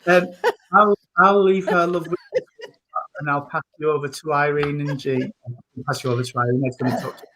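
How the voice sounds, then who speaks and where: A man's voice: on the high side, fairly even intonation, brisk, pushed and bright. Joking man over a noisy line. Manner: joking, teasing. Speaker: host. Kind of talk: casual chat.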